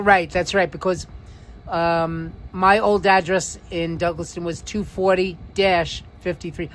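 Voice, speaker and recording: A man's voice: high-pitched, fairly bright tone, a little hiss or hum. A man with a New York accent hosting a live stream, reading viewer comments aloud and running a quiz in a chatty way, drawing out key words and using lots of fillers. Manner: chatty, drawn-out emphasis, frequent fillers. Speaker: livestream host.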